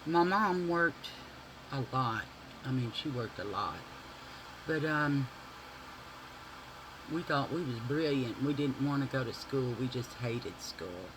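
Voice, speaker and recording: A man telling a profane, animated childhood story to his viewers while doing makeup. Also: mid-range voice, takes it slowly, pauses often, background noise. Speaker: beauty vlogger.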